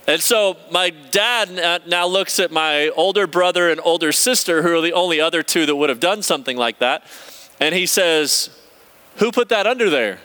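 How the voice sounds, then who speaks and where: A young man preaching a sermon, telling personal stories in a conversational, animated way and reading scripture aloud. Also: sits high, smooth. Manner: storytelling, conversational, animated retelling.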